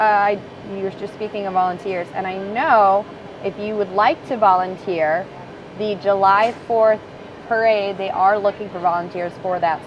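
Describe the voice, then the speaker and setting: A woman hosting a casual community talk show, chatty and upbeat. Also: mid-range voice. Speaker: host. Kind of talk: casual chat. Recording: dull lo-fi audio with clear background noise.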